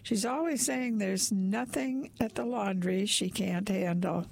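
A woman narrating a story aloud in a wry, deadpan manner. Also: mid-range voice, measured pace, vocal fry, hardly any pauses. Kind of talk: storytelling reading.

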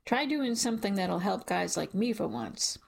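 A woman reading an audiobook, voicing a gruff middle-aged working-class father who mutters with contempt. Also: medium pitch, big pitch swings, moderate pace. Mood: scornful. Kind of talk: audiobook narration.

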